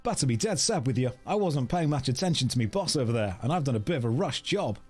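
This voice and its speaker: Casting note: a breezy, slangy museum worker with a put-on Australian accent, lively delivery, voiced by a man, faint music behind. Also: medium pitch, fast, slightly rough. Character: chatty male museum worker, Australian-tinged.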